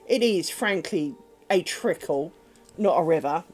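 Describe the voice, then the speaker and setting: Animated British woman telling rambling stories. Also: on the low side, measured pace, soft background music. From Britain. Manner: rambling, animated storytelling with frequent ums and swearing. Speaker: crafts streamer. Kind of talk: casual livestream chat.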